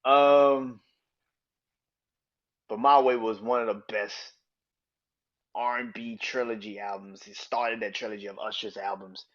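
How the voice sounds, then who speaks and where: A man hosting a casual solo podcast, talking in a loose, profane, excited way and laughing often. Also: mid-range voice, measured pace, long pauses, lo-fi sound. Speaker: podcast host.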